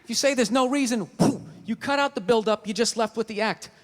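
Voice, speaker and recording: A man's voice: very high-pitched, a little fast. A middle-aged man doing stand-up comedy, telling stories in a profane, ranting way.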